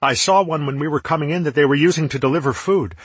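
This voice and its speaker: A man voicing an eager, practical soldier who speaks in a raised, quick voice. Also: fairly high pitch, husky, dry recording, voice pushed up.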